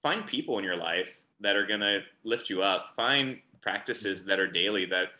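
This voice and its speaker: A man's voice: lowish voice, animated, moderate pace, pushed and bright. A man co-hosting a casual chat, talking earnestly and urgently and repeating phrases for emphasis. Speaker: youth ministry podcast co-host. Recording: echoey room sound.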